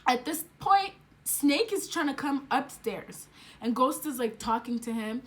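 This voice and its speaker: A young woman telling a story to the camera at home, animated and casual, swearing freely and using slang. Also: high-pitched, unhurried. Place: home, indoors.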